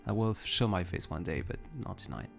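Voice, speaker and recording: A low, gravelly male voice belongs to a French-speaking livestream host. Chatty and rambling, he restarts his sentences frequently while casually talking and reading out comments from viewers.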